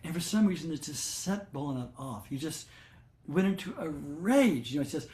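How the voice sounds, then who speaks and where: An older man with a slightly high voice tells devotional stories to a gathering. He speaks gently and unhurriedly, pausing on fillers and starting sentences again. The sound has the echo of a roomy space. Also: expressive. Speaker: satsang leader. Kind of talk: devotional storytelling talk.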